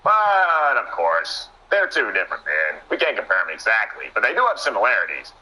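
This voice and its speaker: A young man doing excitable play-by-play commentary on a wrestling match, often breaking into sudden exclamations. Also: fairly low pitch, a little fast, poor audio.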